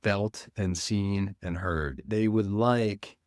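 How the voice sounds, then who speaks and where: A man, a men's coach, speaking earnestly and deliberately as a guest in an interview. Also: lowish voice, steady tone, dry recording, studio quality. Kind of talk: reflective interview talk.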